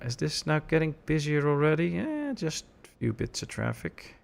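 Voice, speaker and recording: A man casually commenting while he plays a city-building game on a live stream, relaxed and chatty, answering chat as he goes. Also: on the high side, normal speed, gravelly.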